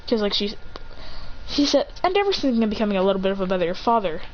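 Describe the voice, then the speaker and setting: A woman's voice: medium pitch, very animated, quick pace. A woman casually telling a made-up fan story, rambling and correcting herself as she goes. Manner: rambling, restarts and self-corrections. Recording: dull home recording with faint ambient noise.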